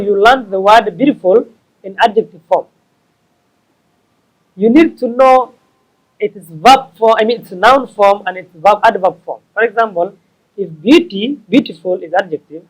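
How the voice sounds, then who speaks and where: Man, high voice, English lesson, repeats and corrects himself. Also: rough recording. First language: Somali. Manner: slow, repetitive, stops to correct himself. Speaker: English teacher. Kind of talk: explaining tips to learners.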